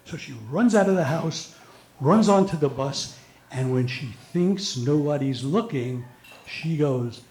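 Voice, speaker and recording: Older guy doing stand-up, kinda high voice, acts out the lines, trips on a word here and there, echoey room. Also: expressive, measured pace, a little mellow. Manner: storytelling, acts out characters, occasional stumbles. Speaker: stand-up comedian. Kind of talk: stand-up joke telling.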